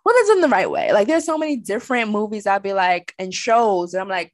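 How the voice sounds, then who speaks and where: A woman co-hosting a casual entertainment chat show, sassy and animated with colloquial talk. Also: medium pitch, brisk, hardly any pauses, no echo. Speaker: co-host.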